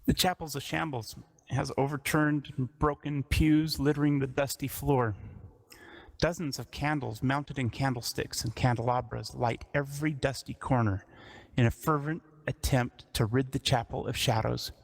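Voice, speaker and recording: A man narrating a tabletop roleplaying game as dungeon master, describing scenes in a measured way. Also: medium pitch, steady tone, vocal fry.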